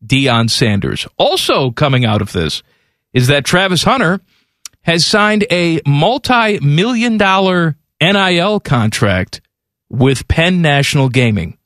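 A man's voice: fairly high pitch, measured pace, no room sound, clean studio sound. A man with a Chicago accent co-hosting a podcast, joking in casual sports banter. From Chicago area. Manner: joking, lively, playful voices. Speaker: podcast co-host.

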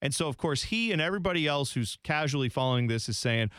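A man's voice: on the high side, quick pace, smooth, no echo, studio quality. A man co-hosting a soccer podcast in casual chat, telling stories and slipping into goofy voices. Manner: animated storyteller, does goofy voices for others. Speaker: podcast co-host.

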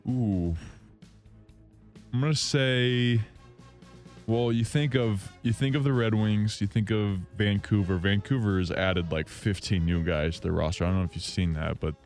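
A man hosting a solo hockey talk show from a station studio, rambling, excitable and jokingly bitter. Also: fairly low pitch, moderate pace, faint music behind. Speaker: hockey podcast host.

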